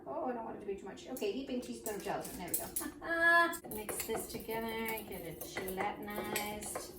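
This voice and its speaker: A woman's voice: medium pitch, expressive, normal speed, echoey room, far from the mic, over music. A woman hosting a baking demonstration, goofy and playful, joking and chatting to herself as she works in a kitchen. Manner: goofy, jokes and chats to herself while working. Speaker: baking show host.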